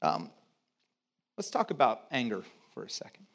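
Preaching a conversational sermon in church, a middle-aged American pastor has the congregation repeat words and adds joking asides. He alternates between loud, emphatic lines and quiet, low ones, his pitch swooping wildly while he speaks at a normal speed.

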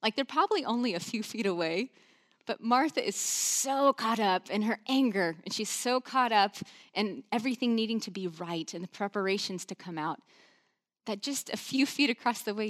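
A woman preacher giving a chatty, conversational sermon, animated and full of asides. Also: medium pitch, normal speed.

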